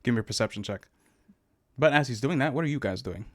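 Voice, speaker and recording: A man narrating as game master of a tabletop game, relaxed and halting, with many fillers. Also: medium pitch, no room sound.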